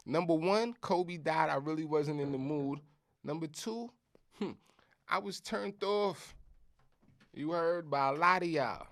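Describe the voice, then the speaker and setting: A man's voice: a little high, unhurried, fairly bright tone. A middle-aged man from Brooklyn with a New York accent, hosting a podcast in a casual, emphatic monologue and swearing for emphasis. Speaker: podcast host.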